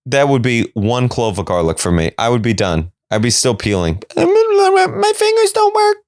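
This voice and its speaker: A man hosting his own podcast, talking through a comedic solo monologue and jumping into high, silly voices whenever he quotes someone. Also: moderate pace, dry recording, clean studio sound. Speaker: podcast host.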